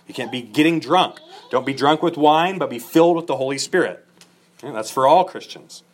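A man's voice: medium pitch, moderate pace. A middle-aged man preaching an expository sermon, earnest and emphatic, building points through repeated lists. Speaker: pastor.

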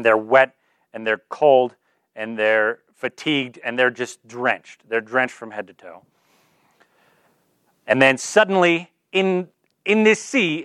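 A man's voice: medium pitch, a bit bright, clear, resonant tone, dry recording. A man preaching in an earnest, informal way, using lots of "like" as he talks through a scripture passage. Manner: earnest, informal, filler-heavy with "like". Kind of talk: conversational sermon.

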